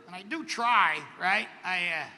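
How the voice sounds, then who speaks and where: A middle-aged man works a stand-up set with a wry, self-deprecating, punchy delivery. His voice sits unusually high and cuts through sharply bright. The live stage sound carries a long reverb tail over faint crowd ambience. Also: unhurried, a little hiss or hum. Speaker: stand-up comedian. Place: outdoor comedy stage at a camp festival.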